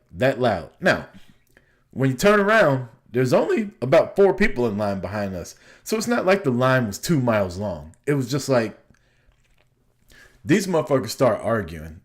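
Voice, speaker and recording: A man co-hosting a podcast, telling a profane, animated story in casual chat. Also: medium pitch. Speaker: podcast co-host.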